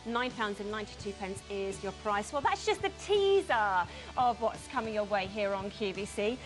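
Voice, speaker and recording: A woman's voice: medium pitch, animated, moderate pace, over music, poor audio. A woman presenting on a shopping channel, chatty, reading out prices and item numbers. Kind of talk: television presenting.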